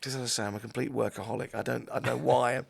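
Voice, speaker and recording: A man's voice: medium pitch, fairly even intonation, racing, creaky, breathy edge. A middle-aged man, chatting casually as a podcast guest, rambling and self-deprecating. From South East London. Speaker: podcast guest, comedic actor. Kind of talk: casual chat.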